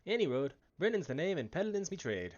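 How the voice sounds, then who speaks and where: A man's voice: a little high, big pitch swings, a little fast, lo-fi sound. A man voicing a chatty, folksy male merchant aboard a ship, reading game dialogue with a wobbly attempt at an Irish accent. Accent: attempted Irish, drifting. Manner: folksy, slangy, wavering accent.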